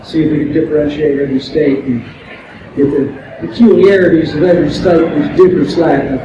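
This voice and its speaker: A man's voice: on the high side, steady tone, brisk, muffled recording. An older man, a voice actor, tells chatty stories on a convention panel and often breaks into laughter. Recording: echoey hall from far off, noisy.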